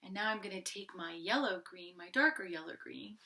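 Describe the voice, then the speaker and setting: A woman's voice: medium pitch, moderate pace, few pauses, recorded from a distance. Encouraging art teacher woman, echoey room. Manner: gentle, encouraging, thinks aloud while drawing. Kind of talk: friendly step-by-step art lesson.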